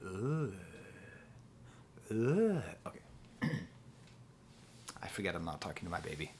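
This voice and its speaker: A man's voice: sits low, fairly quick, a bit bright, slight background noise. A young man reviewing music in a casual, rambling and playful way, often saying "like" and singing short bits of songs. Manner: rambling and playful, with lots of "like" and sung snippets.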